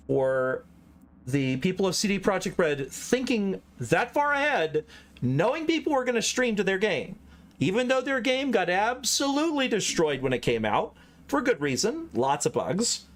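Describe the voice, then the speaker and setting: A man from the American South giving casual, chatty commentary on his own gameplay and talking straight to his viewers. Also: high voice. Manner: chatty, talks straight to chat. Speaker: streamer.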